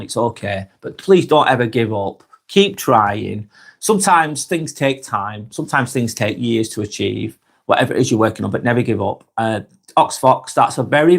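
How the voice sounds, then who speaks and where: Man, Lancashire accent, live-stream host, chatty, reads out comments, animated pitch. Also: vocal fry. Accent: Lancashire (Blackburn, Darwin). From northwest England. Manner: chatty, friendly, reads viewer comments aloud. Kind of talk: casual live chat reading comments.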